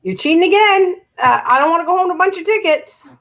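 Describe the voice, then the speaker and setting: Chatty high-voiced older woman. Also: expressive, quick pace, fairly bright tone, low-quality recording. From Canada. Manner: chatty storyteller, laughs often. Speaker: livestream host chatting with viewers. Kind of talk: casual live chat.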